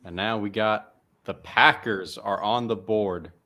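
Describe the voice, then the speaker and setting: A man's voice: lowish voice, steady tone, measured pace, sharp tone. A man leading a casual mock draft chat, easygoing, with short approving replies.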